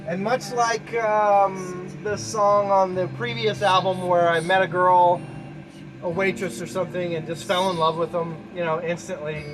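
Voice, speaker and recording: A middle-aged man with a fairly high voice rambles candidly about his songs, restarting his sentences often. He sits in a small backyard shed studio. Music plays clearly behind his talk. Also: poor audio. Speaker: musician explaining his album. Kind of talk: casual talk to camera, track by track.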